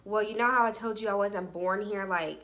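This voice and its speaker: A young woman quoting a nervous young man in a quiet, halting way. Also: mid-range voice, close to an everyday voice. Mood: hesitant.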